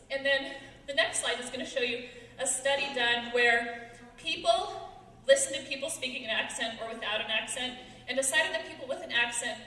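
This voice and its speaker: Young woman doing a persuasive stage talk, bright voice, kinda far off in an echoey hall. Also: a little high, a little hiss or hum. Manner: earnest, quick, laughing now and then. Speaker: student speaker. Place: large hall with audience.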